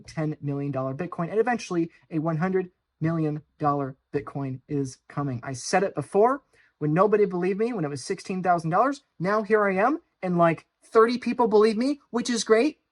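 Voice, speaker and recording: A man hosting his own finance channel, speaking in an urgent, insistent monologue with piled-up repeated phrases, swinging between low, grave warnings and loud, mocking outbursts. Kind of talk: direct-to-camera monologue.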